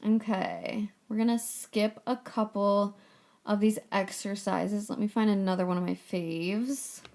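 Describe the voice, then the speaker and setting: A woman hosts a laid-back solo podcast with a breezy, playful way of talking. She stays chatty and upbeat and drops casual swear words as she goes. Her pitch sits in an ordinary middle range. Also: fairly even intonation, unhurried, darkish tone. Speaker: podcast host.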